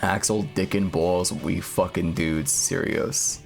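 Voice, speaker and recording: A man streaming a game and chatting casually, rambling with lots of filler words and deadpan jokes. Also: sits low, slow, vocal fry, soft background music. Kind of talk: casual gaming stream chat.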